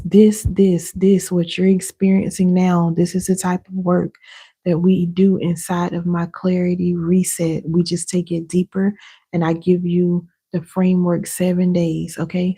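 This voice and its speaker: A woman working as an inner healing coach, hosting a live session and talking viewers through slow affirmations and deep breaths in a casual, direct way. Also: mellow, husky.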